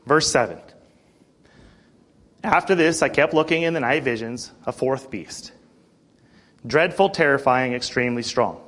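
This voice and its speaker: A man preaching a sermon, animated, swinging between quiet and loud delivery. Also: mid-range voice, a little slow, long pauses.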